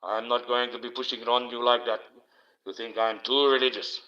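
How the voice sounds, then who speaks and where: Man, livestream host, rambling chat, bright forceful tone, dull lo-fi sound. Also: medium pitch, level tone, fairly quick. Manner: rambling, swearing, chatty banter. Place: home livestream, alone. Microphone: low-placed desk mic. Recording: dull lo-fi stream audio.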